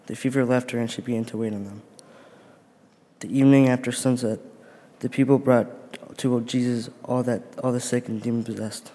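Flat, mellow man reading scripture. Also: mid-range voice, normal speed, in a large hall. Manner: steady, careful reading with occasional restarts. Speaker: scripture reader. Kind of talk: reading scripture aloud in church.

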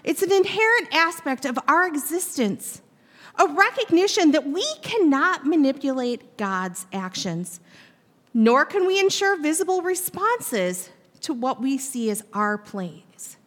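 A woman pastor delivers a sermon in a high voice that rises and falls with lively swings. She speaks to her congregation directly. The sound carries a long church reverb. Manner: expressive preaching that draws in the congregation. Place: church sanctuary.

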